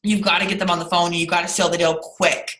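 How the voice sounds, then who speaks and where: A woman's voice: fairly low pitch, level tone, fast, fairly bright tone, poor audio. A woman leading a team video call, upbeat and motivational, repeating phrases for emphasis. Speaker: team leader.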